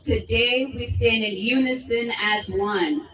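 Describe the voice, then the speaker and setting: A woman's voice: a little high, a bit bright. A woman and local political candidate delivering a prepared, earnest speech at an outdoor rally. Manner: earnest, measured oratory. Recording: distant microphone.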